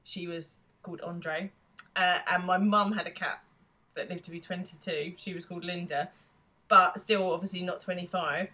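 A woman's voice: lowish voice, fairly even intonation, normal speed, sharp tone. A woman co-hosting a podcast in casual chat, laughing often as she recaps an episode. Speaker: podcast co-host.

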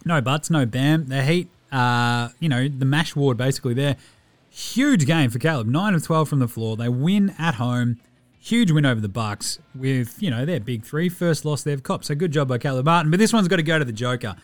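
A man's voice: mid-range voice, animated, normal speed, no echo. A man hosting a casual basketball recap podcast, rattling off stats and swearing freely. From Australia. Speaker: podcast host.

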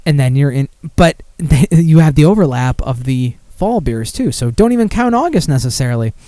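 Man, podcast host, casual profane rambling, slightly high voice, dry close sound. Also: animated, moderate pace, warm tone, dry recording. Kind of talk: casual chat.

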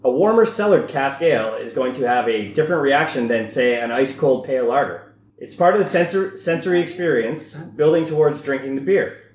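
A man's voice: medium pitch, expressive, fairly quick, reverberant. A Canadian man hosting a casual podcast, reading a beer-tasting guide aloud between jokes. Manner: reads the guide aloud, interrupted by laughter. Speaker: podcast host.

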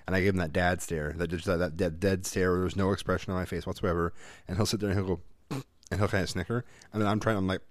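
A man, a father, co-hosting a casual chat, telling animated stories, swearing freely and mimicking voices. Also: low-pitched, fast, no room sound. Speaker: podcast co-host, father.

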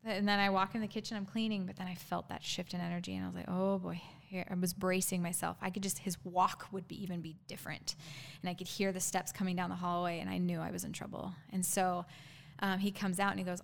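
A woman guest in an interview telling her own story candidly, halting, with frequent ums and restarts. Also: medium pitch, fairly even intonation, gravelly.

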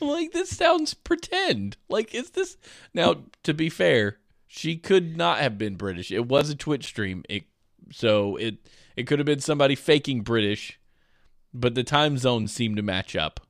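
A man's voice: medium pitch, normal speed, creaky, no echo, clean studio sound. A man from South Alabama, chatting casually as a streamer and rambling through stories. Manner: rambling, animated storyteller. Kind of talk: casual chat.

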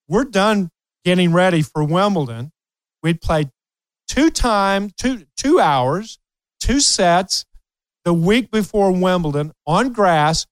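A man spins a long story in casual chat, animated and laughing often. His voice is smooth and resonant, recorded dry and close in a studio. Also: high voice, dry recording. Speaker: host, tennis coach.

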